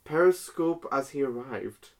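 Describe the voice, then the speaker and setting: A man casually reading fan fiction aloud for laughs, halting and tripping over words. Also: medium pitch, lively intonation, darkish tone.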